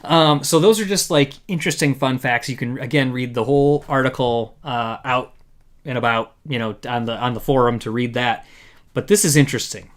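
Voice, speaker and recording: A man's voice: mid-range voice, brisk. Chatty man hosting a live discussion. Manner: chatty, reads quotes aloud with frequent fillers. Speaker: podcast host.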